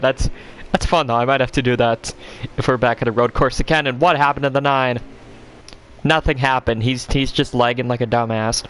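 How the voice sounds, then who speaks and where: A man's voice: medium pitch, steady tone, normal speed, fairly bright tone, clean tone. A man giving play-by-play commentary on a sim race, putting on a broadcast commentator voice with playful asides.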